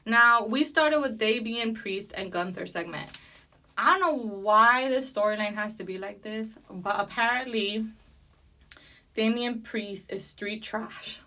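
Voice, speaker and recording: Woman, bright tense voice, a bit high, casual opinionated recap chat. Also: measured pace. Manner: chatty, opinionated, with fillers and restarts. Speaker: wrestling recap vlogger.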